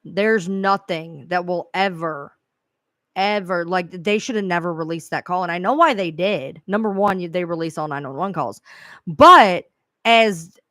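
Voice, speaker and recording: A woman's voice: on the low side, a little slow, bright, forceful tone, no echo, clean studio sound. A woman who covers true crime, talking bluntly and with profanity in a casual chat.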